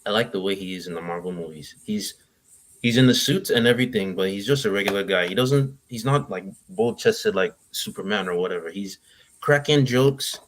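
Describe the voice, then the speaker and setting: A young man, a guest on a talk show, giving advice to parents in a halting, rambling way, with many restarts. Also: fairly low pitch, slight background noise. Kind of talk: casual chat, giving advice.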